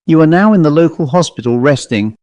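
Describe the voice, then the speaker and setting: A man voicing a friendly female hospital nurse, gentle and slightly formal, a touch higher than his usual voice. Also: expressive, fast, dry recording, natural voice.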